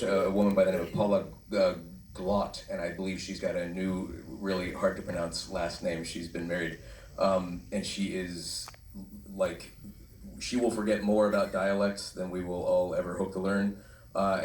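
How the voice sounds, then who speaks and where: A man's voice: deep voice, level tone, moderate pace. A man, a voice actor on a convention panel, talking in a loose, joking, rambling way. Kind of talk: casual panel talk. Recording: echoey hall, distant mic, faint noise.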